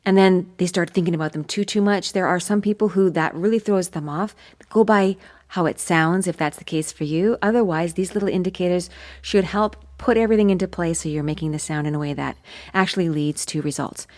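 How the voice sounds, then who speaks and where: Woman voice teacher, lowish voice, patient, encouraging, explanatory lesson. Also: brisk, darkish tone. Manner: demonstrates hums between explanations. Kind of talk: vocal coaching lesson.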